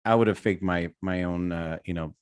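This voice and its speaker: A man's voice: low voice, normal speed, clear, resonant tone, no room sound, clean studio sound. A man in his thirties, a podcast co-host, animatedly telling a family story in casual chat. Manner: animated storyteller, mimics a child's squeals.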